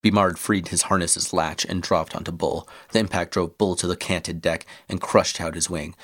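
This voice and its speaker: A man reading an adventure story aloud in steady scripted narration. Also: deep voice, normal speed.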